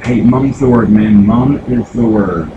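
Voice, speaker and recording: Streaming retro games, a man from the United States talks at a measured pace in a fairly low voice, rambling casually with plenty of fillers and restarts. There's background noise, and the highs are cut off.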